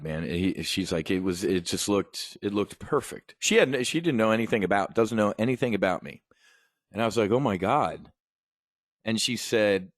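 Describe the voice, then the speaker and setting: A lower-pitched man runs a live options trading broadcast. He talks in a loose, rambling, enthusiastic way and punches his points hard. The recording is dry and close, with no room sound. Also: unhurried, pauses often, dry recording. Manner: energetic, rambling, conversational, emphatic. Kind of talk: livestream trade brief.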